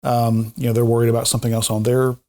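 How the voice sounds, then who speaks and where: A man's voice: medium pitch, level tone, quick pace, warm tone. A man hosting a podcast, talking in a thoughtful and affirming way. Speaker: podcast host. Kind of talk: conversational podcast talk.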